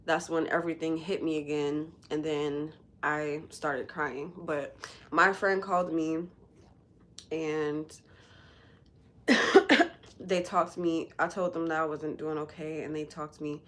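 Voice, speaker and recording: A woman's voice: low voice, steady tone, slow, long pauses, a bit bright. A woman hosting a casual livestream, talking candidly and bluntly in a rambling way with lots of fillers, sounding emotional after recent crying. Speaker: livestream host.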